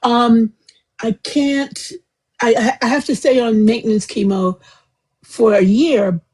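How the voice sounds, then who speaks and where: A high-pitched woman with a husky, breathy voice hosts a casual livestream. She talks in a chatty, rambling way, full of restarts and asides. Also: fairly even intonation, takes it slowly, darkish tone. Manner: chatty, rambling, laughs often. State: eyes watering from chemo. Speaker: livestream host.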